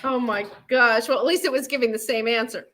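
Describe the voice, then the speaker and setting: A woman's voice: fairly high pitch, fairly quick, a bit bright. A woman with a New Zealand accent, a guest on a chat show, playful and laughing often. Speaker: guest health coach. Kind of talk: casual chat.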